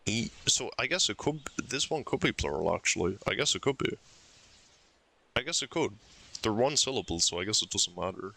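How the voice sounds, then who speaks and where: A man's voice: on the low side, lively intonation, fairly quick, gravelly, pushed and bright. A young man streaming a puzzle game, thinking aloud and arguing his case insistently with himself. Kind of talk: live game commentary.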